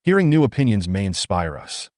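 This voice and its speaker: A man's voice: lowish voice, sing-song, a little fast, a little mellow, no room sound, clean studio sound. A man voicing a scheming jealous female captain.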